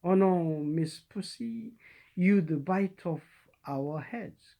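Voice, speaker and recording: A chorus of tiny storybook mice chants nursery rhymes in a lilting sing-song, voiced lightly by the reader. The delivery stays slow and mid-pitched, close to the storyteller's own voice. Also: lively intonation, creaky, mellow, heavily acted.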